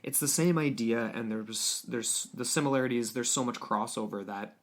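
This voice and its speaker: A woman with a strikingly deep, low voice co-hosts a casual podcast. She is relaxed and agreeable, quick to affirm her partner before adding her own points. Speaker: podcast co-host. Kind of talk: casual conversational podcast chat.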